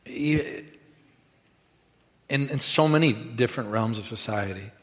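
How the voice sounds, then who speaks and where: A man preaching a sermon in a lively, animated way, dropping to quiet asides and rising to loud bursts. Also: mid-range voice, unhurried. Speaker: pastor. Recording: reverberant hall.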